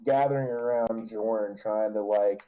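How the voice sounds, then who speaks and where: A man's voice: on the low side, steady tone, unhurried, phone-quality sound. A man narrating a tabletop game as game master, rambling with restarts and filler words.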